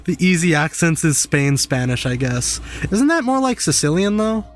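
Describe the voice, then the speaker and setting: A man's voice: a little high, sing-song, normal speed, a little hiss or hum. A young man streaming a game and chatting with viewers, swearing freely as he talks. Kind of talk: casual gameplay commentary.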